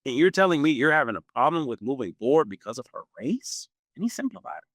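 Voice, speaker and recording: A man in his forties hosting a podcast, telling a personal story in a casual, animated way and laughing often. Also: fast talker, no room sound, studio quality. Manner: animated, acts out quoted voices with big pitch jumps. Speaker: podcast host.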